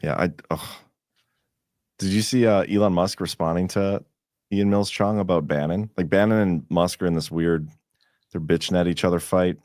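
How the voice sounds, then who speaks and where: A man's voice: deep voice, normal speed, a little mellow, no room sound, studio quality. A man co-hosting a podcast in casual, rambling, profane chat. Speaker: podcast co-host.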